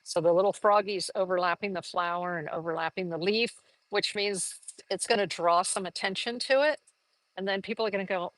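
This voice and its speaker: A woman's voice: mid-range voice, fairly quick, fairly bright tone, no room sound. A woman giving a live art lesson, chatting enthusiastically and thinking aloud as she works on a collage. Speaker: art teacher.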